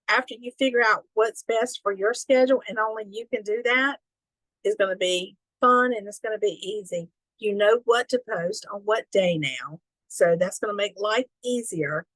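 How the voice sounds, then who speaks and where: A woman's voice: medium pitch, moderate pace, fairly bright tone, no echo, rough recording. A woman with a Southern accent leading an online business training, folksy and encouraging, chatty and upbeat.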